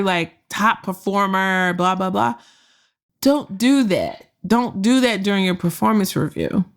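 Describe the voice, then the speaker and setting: A woman hosting a career podcast, telling a story with frank, slangy and profane advice, laughing often. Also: medium pitch. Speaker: podcast host and career coach.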